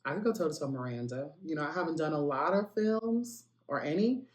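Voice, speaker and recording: A man's voice: on the high side, a little fast, few pauses, echoey room. A man hosting a celebrity gossip podcast, chatty and playful, with lots of asides and direct calls to his listeners. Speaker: podcast host.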